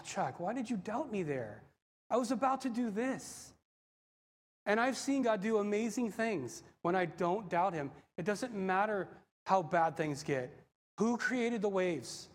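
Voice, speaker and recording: A male pastor preaching a sermon, animated and acting out the voices in the story. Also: high-pitched. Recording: long hall reverb.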